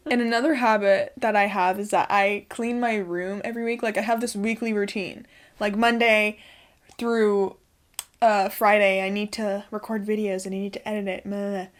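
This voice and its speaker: A young woman vlogging from home in a loose, chatty way. Her voice sits a little high, and she swears casually and laughs often between thoughts. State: out of breath. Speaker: spiritual lifestyle vlogger. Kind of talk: casual chat to camera.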